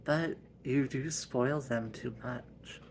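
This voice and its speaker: A man doing a gentle, patient wife. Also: medium pitch, slow, slight background noise. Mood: gently firm.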